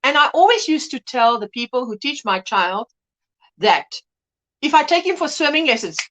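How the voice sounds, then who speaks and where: A middle-aged woman hosting a casual livestream, chatting and reading out viewer comments as an animated storyteller who mimics voices and laughs often. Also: high-pitched, normal speed. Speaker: livestream host.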